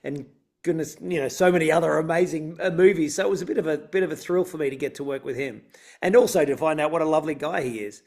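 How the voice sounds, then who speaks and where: An Australian man with a slightly raised pitch talks in an easygoing, chatty way. He is a guest in a casual interview, answering at length and sometimes laughing lightly. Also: fast talker, vocal fry, darkish tone.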